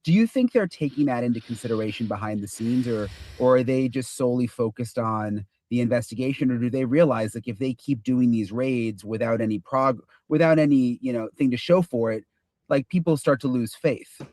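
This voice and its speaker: A man's voice: mid-range voice, a little fast, a little mellow. A man hosting a talk stream, asking long, inquisitive questions in a casual way. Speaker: host. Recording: dry close audio.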